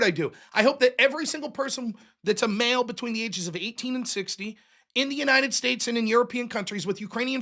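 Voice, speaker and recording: On his own political commentary show, a man delivers a sarcastic, profane, combative solo rant, mocking his opponents. His voice is very high with a sharp tone.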